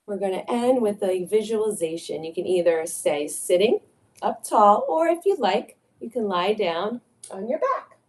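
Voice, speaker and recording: A young woman leading a guided meditation for children, speaking gently and soothingly and chanting sung syllables. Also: medium pitch, lively intonation, normal speed. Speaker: kids' yoga and mindfulness teacher.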